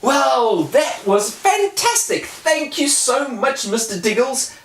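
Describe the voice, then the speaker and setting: A woman hosting a children's show, talking slowly and directly to the children. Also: high-pitched, big pitch swings, a little hiss or hum. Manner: slow and friendly, talks to the children. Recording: echoey room.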